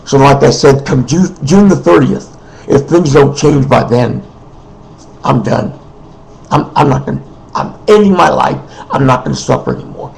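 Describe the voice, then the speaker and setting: A man speaking in an unscripted personal monologue, emotional and weary, halting, repeating himself and often clearing his throat. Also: medium pitch, expressive, darkish tone, rough recording. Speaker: person making a personal appeal.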